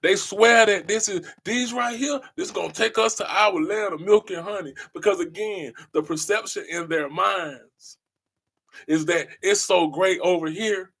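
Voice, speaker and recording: A man's voice: sits high, unhurried, creaky, fairly bright tone, slightly rough. A man hosting a podcast, delivering a passionate monologue in an emphatic, preachy way and repeating his key phrases. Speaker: podcast host.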